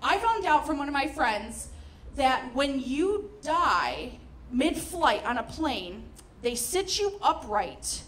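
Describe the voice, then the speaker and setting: A young woman performing a stand-up comedy set, telling stories with animated, sarcastic asides. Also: sits high, slight background noise.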